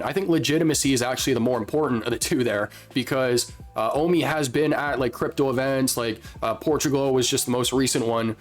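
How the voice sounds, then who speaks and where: A man in a medium register talks through the week's news as a channel host, loose and conversational, dropping fillers and checking in with the listener. Soft music plays faintly under his voice. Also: mid-range voice. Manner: conversational, frequent fillers and "okay?" asides. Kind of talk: casual commentary to camera.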